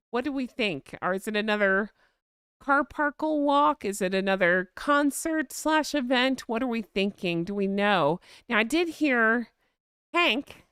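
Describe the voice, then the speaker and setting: A chatty woman hosts a live stream, reading viewer comments aloud with a gushing, easily amused manner. Her voice sits a little high, with a smooth, resonant tone and a gravelly fry at the ends of phrases. The sound is close and dry. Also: a bit bright, no echo. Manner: chatty and gushing, quick to laugh. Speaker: host of a live-stream chat.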